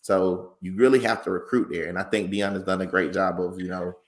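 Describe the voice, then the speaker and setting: A tired man co-hosting a casual sports talk show, talking in a measured, conversational way. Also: low-pitched, fairly even intonation.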